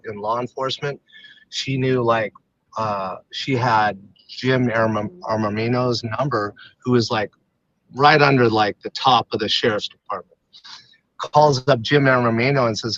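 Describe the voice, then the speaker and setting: A man's voice: mid-range voice, fairly even intonation, moderate pace, fairly bright tone, dry recording, highs cut off. A man, a retired fighter, talking candidly as a podcast guest, stopping and restarting often with many fillers. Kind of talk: candid personal storytelling.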